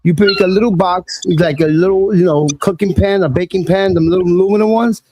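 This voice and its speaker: A man's voice: sits high, steady tone, brisk, a little mellow, slight background noise. A man chatting as a panel guest, joking and laid-back. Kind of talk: casual chat.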